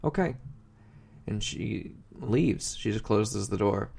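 A man's voice: lowish voice, fairly even intonation, slow pace, creaky, darkish tone, breathy edge. A man co-hosting a comedy podcast, chatting casually and rambling as he recaps a show and stumbles over his words. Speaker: podcast co-host.

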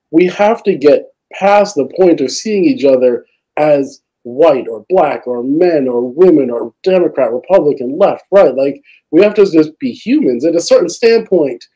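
Earnest man in casual talk, slightly higher voice, mellow tone, swears, rambles. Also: rough recording. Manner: earnest, profane, rambling with many "like"s. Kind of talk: casual podcast conversation.

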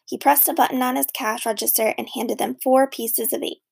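A woman narrating a children's storybook in a lively, expressive reading. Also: fairly high pitch, normal speed, creaky, husky. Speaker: audiobook narrator.

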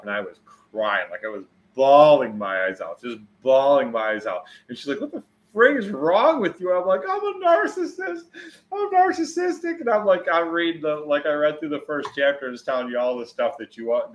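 A man in his forties chatting casually on a livestream, answering viewers, rambling and swearing freely, getting loud when he tells a story. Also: mid-range voice, lo-fi sound.

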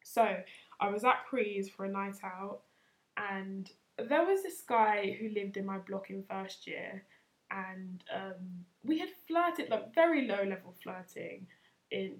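A woman in her twenties hosting a podcast, telling a story in a chatty, self-mocking way and laughing often. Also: medium pitch. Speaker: podcast host. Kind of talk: casual storytelling.

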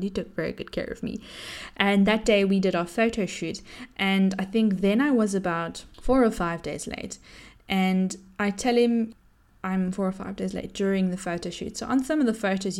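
A woman, telling a personal story to camera in a chatty, animated way and laughing often. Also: medium pitch. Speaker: vlogger.

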